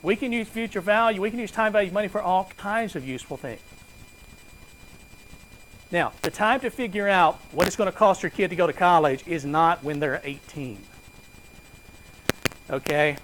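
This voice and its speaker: A man's voice: high voice, expressive, moderate pace, long pauses, a bit bright, slight background noise, poor audio. A man giving a conversational finance lecture to a class, asking students questions and joking with them.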